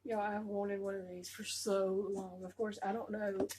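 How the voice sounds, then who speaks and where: A woman unboxing a doll on her vlog, gushing with repeated exclamations and drifting into soft murmurs. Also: medium pitch, flat delivery, normal speed, noisy background. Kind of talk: casual excited unboxing chat.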